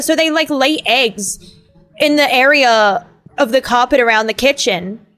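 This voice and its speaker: A woman's voice: high-pitched, a little slow, bright, forceful tone. A young woman chatting casually on a gaming stream, rambling and ranting with lots of swearing and fillers. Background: faint game music.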